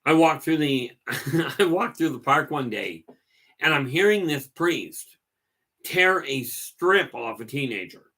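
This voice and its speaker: A man's voice: a little high, animated, unhurried, pushed and bright. A middle-aged man hosting a livestream, telling stories in a folksy, rambling way and often repeating his words as he goes. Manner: folksy, digressive, repeats words while talking. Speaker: livestream host. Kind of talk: rambling casual storytelling.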